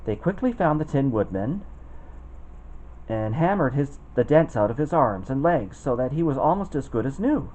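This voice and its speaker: A man reading a children's storybook aloud, expressive and putting on voices for the characters. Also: mid-range voice, moderate pace, poor audio. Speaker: storybook reader.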